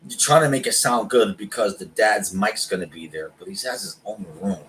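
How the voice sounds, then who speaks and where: A man's voice: on the low side, moderate pace, fairly bright tone, slight background noise, low-quality recording. A man co-hosting a casual chat who talks in an emphatic, opinionated way and says man and bro a lot. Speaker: podcast co-host.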